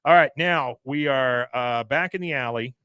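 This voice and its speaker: A man's voice: mid-range voice, moderate pace, pushed and bright, clear, resonant tone, no echo. A man co-hosting a podcast, recapping an episode in chatty talk with many "uh"s. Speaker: podcast co-host. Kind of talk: casual episode recap chat.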